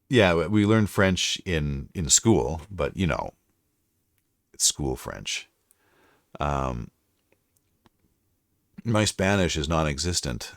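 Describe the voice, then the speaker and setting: In a dry, studio-quality recording, a bass-voiced Canadian man with a slightly bright tone rambles chattily on a live stream. The livestreamer and voice-over narrator now and then drifts into French.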